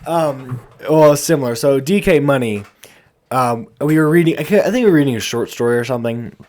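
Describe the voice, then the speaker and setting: A man's voice: mid-range voice, a little fast. A man co-hosting a podcast, telling school stories in casual chat and acting out what people said. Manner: animated storyteller, acts out quotes. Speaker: podcast co-host.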